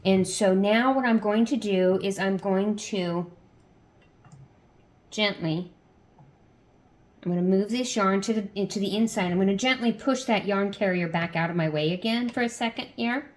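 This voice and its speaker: A woman of medium pitch, speaking at normal speed, teaches sock machine knitting step by step. She stays patient and chatty, repeating steps, frequently checking in with "okay?", and throwing in a homey, playful "ta-da".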